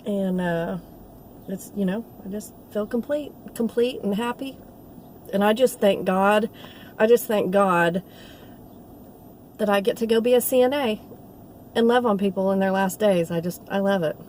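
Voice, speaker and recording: Speaking at a moderate pace in a mellow, medium-pitched voice, a middle-aged nursing assistant shares a heartfelt, meandering story straight to camera. It's a casual vlog, with slight background noise.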